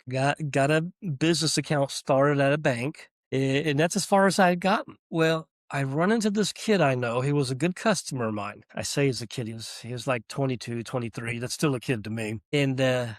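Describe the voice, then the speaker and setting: A man who runs a small business, telling his story in a casual podcast interview, animated and chuckling as he acts out dialogue. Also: medium pitch, moderate pace, no room sound, studio quality.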